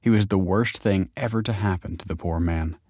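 Deep-voiced male audiobook narrator. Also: no echo, studio quality. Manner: measured, even storytelling delivery. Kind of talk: scripted narration.

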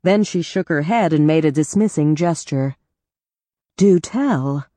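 A woman reading a novel aloud in the first person, in a measured, even way. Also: sits low, no room sound. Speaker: audiobook narrator. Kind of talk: scripted first-person narration.

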